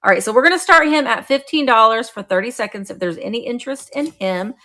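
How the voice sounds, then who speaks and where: A middle-aged woman hosting a live online auction of vintage items, chatting warmly and greeting viewers by name as she describes each piece. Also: on the high side, lively intonation, fast. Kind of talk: live-stream sales chat.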